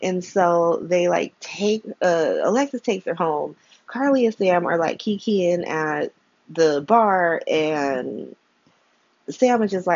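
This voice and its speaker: A low-pitched woman talks through a soap opera episode like she's catching up with a friend, slangy, frank and quick to laugh. The sound is dry and a bit dull, like a modest home setup. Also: expressive, no room sound. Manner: chatty and slangy, laughs often, frank opinions. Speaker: podcast host. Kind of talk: casual soap opera recap.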